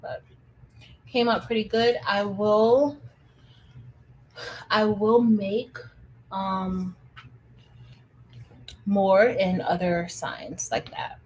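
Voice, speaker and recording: A woman's voice: mid-range voice, fairly even intonation, very slow, long pauses, darkish tone, a little hiss or hum, low-quality recording. A woman, hosting a casual craft livestream, chatty and enthusiastic, full of fillers and restarts as she addresses her viewers.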